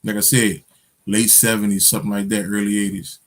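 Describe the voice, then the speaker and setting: A man's voice: lowish voice, little pitch movement, fairly quick. A man hosting his own channel, telling a story in a loose, profane monologue full of street slang, fillers and restarts. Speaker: spiritual channel host.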